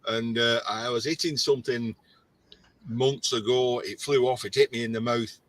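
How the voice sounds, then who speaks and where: A man's voice: medium pitch, steady tone, moderate pace, no room sound. A man chatting on a live video call, joking and self-deprecating. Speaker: regular guest. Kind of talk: casual live-stream chat.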